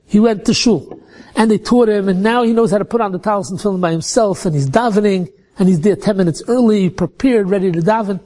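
Guy telling a story, high voice, animated, repeats words a lot. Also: fast talker. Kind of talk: told religious story.

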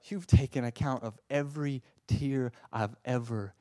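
At normal speed and in a mid-range voice, a man preaches with fervor, alternating quiet, tender moments with loud, forceful ones. Stammering and repeated words mark his push to make each point, and the recording carries no room sound.

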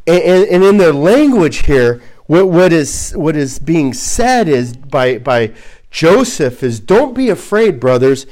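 A man preaching an expository sermon as a pastor, halting and repeating words as he works through his points, and posing rhetorical questions. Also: fairly high pitch, sing-song, darkish tone. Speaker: pastor teaching a Bible series.

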